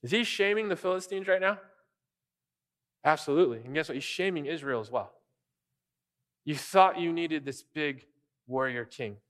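A man preaching an earnest, animated sermon as pastor, often restarting his phrases. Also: on the high side, normal speed, pauses often, in a large hall.

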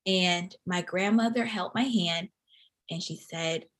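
A woman in her thirties from the Atlanta area, telling a personal story as an interview guest in an earnest, reflective, halting way. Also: lowish voice, a bit bright. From Atlanta, USA.

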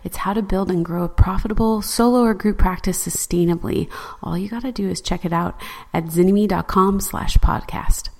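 Low, gravelly woman podcast host reading an intro promo; long reverb. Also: steady tone, a little mellow. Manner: promotional, brisk read.

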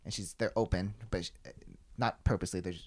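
A man's voice: low-pitched, steady tone, fast talker. Young man rambling through a story. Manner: rambling storyteller, swears freely, many "like" fillers. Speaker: podcast host. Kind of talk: casual chat.

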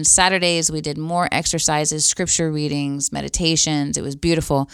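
A middle-aged woman tells her personal faith story, earnest and heartfelt, with casual fillers along the way. Her voice sits a little low and sounds smooth and resonant. The sound is dry and close, with no room echo. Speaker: speaker sharing a faith testimony.

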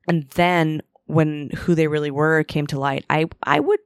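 Solo podcast host, woman, frank and profane, gravelly smooth voice, dry close mic. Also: deep voice, steady tone, unhurried, no room sound. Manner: candid, profane, self-deprecating storytelling; acts out her own past inner voice in quotes. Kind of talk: solo confessional monologue.

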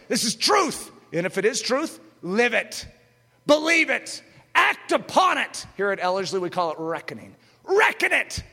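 Impassioned male preacher, emphatic, bright, rising to shouts; long hall reverb. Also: very high voice. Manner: emphatic, rhetorical questions, sudden loud outbursts. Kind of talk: impassioned sermon.

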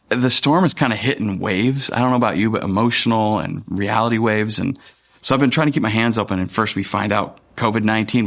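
A man, a pastor, giving a conversational and earnest sermon with frequent pauses and fillers. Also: on the low side, gravelly, fairly bright tone.

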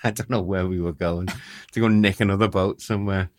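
A man with a Liverpool accent, a war photographer telling animated anecdotes as a guest and laughing often. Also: deep voice, a little fast, slight background noise. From Liverpool, England. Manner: animated storyteller who laughs often and acts out voices.

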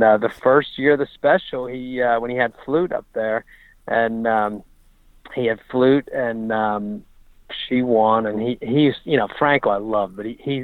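A man telling racing stories in a casual interview, animated and halting, often restarting his sentences. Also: medium pitch, no echo. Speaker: racing writer and guest. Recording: dull lo-fi dry recording.

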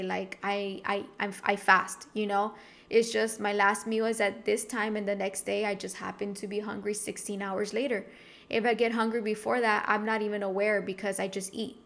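A young woman talks through a personal story in a casual, confessional tone. She rambles, repeats words and restarts her sentences. Her pitch sits in an ordinary middle range. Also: a bit bright. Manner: open, confessional.

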